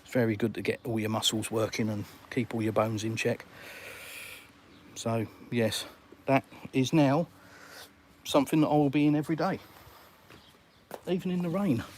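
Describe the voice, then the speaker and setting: A man's voice: medium pitch, a little hiss or hum. A middle-aged English man hosting a casual live Q&A from a sunny balcony, blunt and full of jokey banter. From England. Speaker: livestream host.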